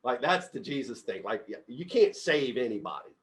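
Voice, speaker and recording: A middle-aged man leading a casual group book discussion as company CEO, telling stories with lots of laughter and loudly acting out quotes. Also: medium pitch, moderate pace. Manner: animated storyteller, laughs often, acts out quotes loudly.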